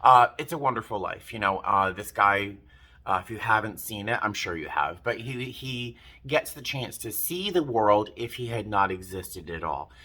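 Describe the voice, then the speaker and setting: Chatty vlogger man, bright lowish voice. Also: animated, moderate pace. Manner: chatty, rambling, self-interrupting. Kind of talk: casual storytelling to camera.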